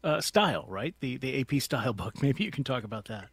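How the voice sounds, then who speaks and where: A man hosts a public radio interview and call-in show, steering the talk in a relaxed, friendly way. His voice sits in a middle range and sounds close and completely dry, with no room around it. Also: medium pitch, brisk, breathy edge, dry recording.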